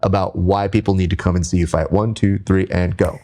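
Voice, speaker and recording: A man who works as a speech coach, hosting and giving instructions in an animated chat. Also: sits low, a little fast.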